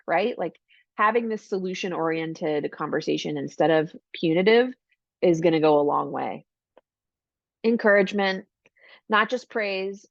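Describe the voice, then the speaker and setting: A woman's voice: fairly low pitch, expressive, normal speed, vocal fry, no echo, highs cut off. A woman giving an online parenting workshop in a casual, chatty way, full of "like" and "right?", acting out encouraging lines for parents. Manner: acts out warm parent lines in a brighter voice.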